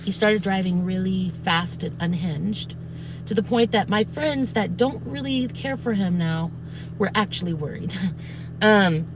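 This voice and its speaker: A woman's voice: medium pitch, a little slow, noisy background. A woman streamer, telling her viewers a long story in a casual, rambling way with many fillers and restarts, swearing when she gets heated. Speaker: streamer recounting events.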